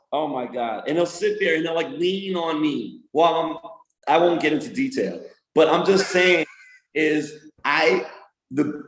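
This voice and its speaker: A man talking as a podcast guest, an animated storyteller who does voices and laughs often in casual interview chat. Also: a little high, roomy sound, poor audio. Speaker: podcast guest, music producer and manager.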